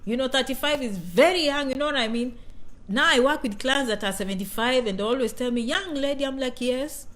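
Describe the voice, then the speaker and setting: A woman's voice: fairly high pitch, fast talker, fairly bright tone. A woman in her thirties from Kenya, hosting a casual live-stream chat with viewers, talkative and playful, often repeating phrases.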